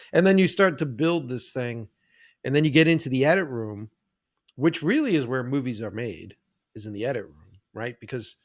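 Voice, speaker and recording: Animated, swearing male director. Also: mid-range voice, no room sound, studio quality. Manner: animated storyteller, acts out quotes, swears freely. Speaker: film director guest. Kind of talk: casual podcast chat.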